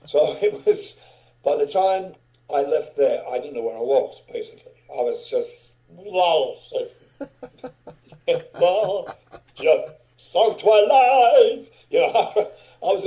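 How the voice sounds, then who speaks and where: A man's voice: on the high side, dark tone, low-quality recording. An older man, a guest musician, telling loose anecdotes in a casual interview, swearing and chuckling as he goes.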